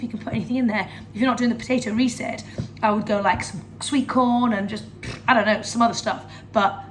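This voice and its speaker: Woman, 30s, upbeat food vlogger, slightly high voice, faint noise. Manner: chatty, enthusiastic, talks while eating. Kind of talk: casual food vlog chat.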